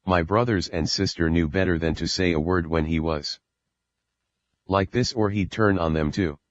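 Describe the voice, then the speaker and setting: A man reading an audiobook in first-person narration, plain and unhurried, in a dull lo-fi recording. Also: deep voice, steady tone, no echo.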